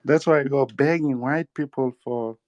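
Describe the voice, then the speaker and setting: Blunt Haitian-accented caller on a dull line. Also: male voice, medium pitch, a little slow, a little mellow, no echo. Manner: blunt, pushes back. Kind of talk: argumentative call-in talk.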